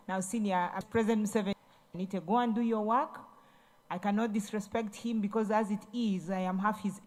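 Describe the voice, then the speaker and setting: A government minister appears as a guest speaker at a ceremony in a large event hall, where she preaches through Bible stories and repeats herself. Her medium-pitched voice is fairly even in intonation and fairly quick, with music playing in the background.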